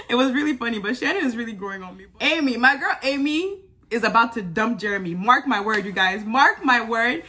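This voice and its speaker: Bright-voiced woman chatting to viewers. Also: on the high side, brisk. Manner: chatty, animated, laughs often, addresses viewers directly. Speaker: YouTube reality TV reviewer. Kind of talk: casual recap vlog.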